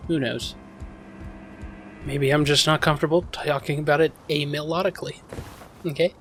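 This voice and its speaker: A man's voice: a little high, fairly even intonation, normal speed, long pauses, slight background noise. A man giving casual, rambling commentary while playing a game, mocking himself and swearing freely as he goes. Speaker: gaming channel host.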